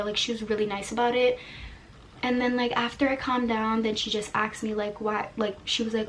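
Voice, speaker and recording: A woman's voice: on the high side, steady tone, brisk, a bit bright, slight background noise. A young adult woman telling a personal story in a casual, rambling vlog style, filling her speech with "like". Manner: chatty, filler-heavy, rambling. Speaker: vlogger.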